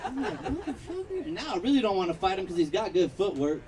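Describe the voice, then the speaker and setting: Performing at an outdoor backyard patio show, a Long Beach, California comedian delivers a profane, story-driven set and acts out characters. He talks fast in a high-pitched voice with lively intonation. The distant mic picks up crowd laughter, and the audio quality is poor.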